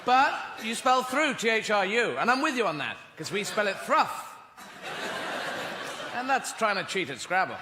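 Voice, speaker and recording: On a theater stage, a British-accented man performs rambling, playful stand-up, swearing freely in a high voice with big pitch swings at a moderate pace. The live recording echoes through the hall, with background noise and audience laughter.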